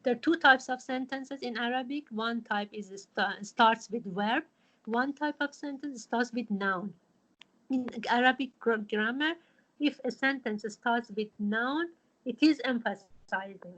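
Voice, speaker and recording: A woman, teaching a religious studies class over a video call and explaining patiently in a halting way, full of fillers. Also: on the high side, fairly bright tone, low-quality recording.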